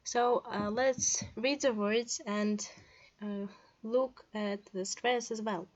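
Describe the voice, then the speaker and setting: A woman's voice: fairly high pitch, takes it slowly, darkish tone, lo-fi sound. A young woman from Russia with a Russian accent, teaching a language lesson in English, reading words aloud one by one with short glosses and hesitant fillers. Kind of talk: slow online language lesson.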